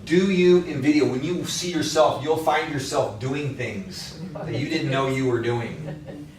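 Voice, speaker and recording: This real estate trainer talks at a workshop in a fairly high, darkish voice at a measured pace, blunt and conversational as he coaches. He is heard from across a reverberant room, with a little background noise.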